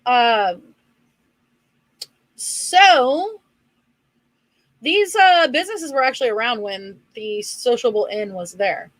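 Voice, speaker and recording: A woman's voice: on the high side, lively intonation, takes it slowly, pauses often, no room sound, poor audio. A woman co-hosting a casual true-crime podcast, reading facts from her notes with dry asides. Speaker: podcast co-host presenting research.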